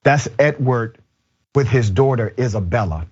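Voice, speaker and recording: A man's voice: mid-range voice, expressive, a little slow, darkish tone, breathy edge, dull audio. A man hosting a news commentary show, speaking earnestly and with indignation.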